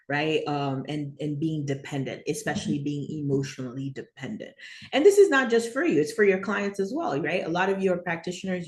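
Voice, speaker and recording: A woman teaching an informal online lesson, rambling and checking in with "right?" and "okay?", laughing easily and getting animated when she tells stories. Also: sits low. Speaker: spiritual teacher. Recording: echoey room.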